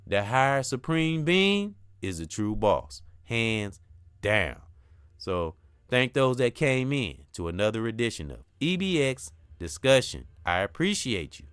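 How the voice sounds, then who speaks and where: A man's voice: medium pitch, very animated, measured pace, a bit bright, smooth, dry recording. Middle-aged guy talking spiritual stuff, earnest and repetitive like a preacher, dry close mic. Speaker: host of a spiritual talk channel. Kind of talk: casual spiritual monologue.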